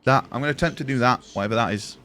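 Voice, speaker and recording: A man's voice: mid-range voice, very fast, fairly bright tone, soft background music. A young man chatting casually with his live-stream audience from his room, rambling and swearing freely. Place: home room.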